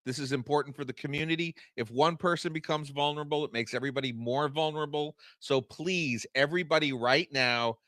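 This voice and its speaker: A man's voice: fairly high pitch, fairly quick, hardly any pauses, a bit bright, no room sound. A male co-host introducing a guest and rallying listeners, earnest and a bit hesitant with restarts. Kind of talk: casual chat, introducing guests.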